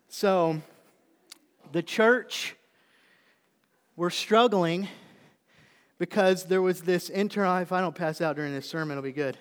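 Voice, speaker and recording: A middle-aged man, a pastor preaching a sermon, telling a story and then building into animated emphasis. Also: high voice, measured pace, long pauses, clean tone. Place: church sanctuary. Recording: long reverb of a church hall.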